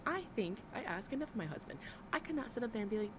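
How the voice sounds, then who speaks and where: A woman's voice: medium pitch, sing-song, very fast. A woman hosting a livestream, ranting and gossiping bluntly and sarcastically with lots of swearing. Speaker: livestream host. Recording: noisy background.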